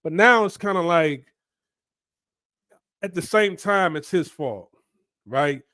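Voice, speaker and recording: A man holds forth on his commentary channel in an emphatic, lecturing way, pausing to ask his listeners "right?". His voice sits a little high for a man. The sound is dry and close. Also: lively intonation, pushed and bright, no room sound. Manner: emphatic and preachy, keeps asking "right?". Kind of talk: opinion commentary monologue.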